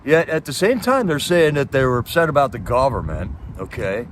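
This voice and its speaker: A man's voice: medium pitch, big pitch swings, a little fast, slight background noise. A man hosting a livestream, ranting about politics in a casual, impassioned way and firing off rhetorical questions while answering his chat. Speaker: livestream host reading chat.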